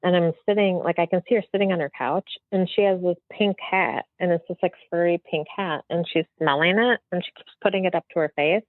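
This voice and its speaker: Brief: chatty woman guest, lowish voice, thin phone-line sound. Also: brisk, few pauses, dry recording. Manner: chatty, rambling, lots of fillers. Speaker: guest medium. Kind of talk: casual storytelling in a podcast interview. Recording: dry, thin phone-like audio.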